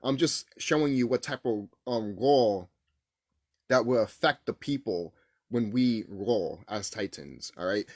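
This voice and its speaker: A man's voice: on the low side, unhurried, dry recording, clean studio sound. A man ranting to camera in a rambling, profane, emphatic way about spiritual ideas. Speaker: vlogger. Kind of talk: casual spiritual rant to camera.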